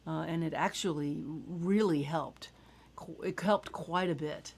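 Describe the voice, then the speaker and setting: Low-voiced woman, halting speech. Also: creaky, darkish tone, a little hiss or hum. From South Louisiana. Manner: halting, many filler "uh"s. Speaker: singer-songwriter host. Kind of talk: casual chat and reading aloud.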